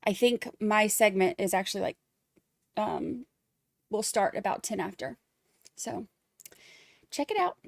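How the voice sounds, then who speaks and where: A woman's voice: medium pitch, a little slow, vocal fry, pauses often, no room sound. A woman hosting a casual livestream, chatting with viewers and reading their messages aloud with plenty of fillers. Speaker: livestream host.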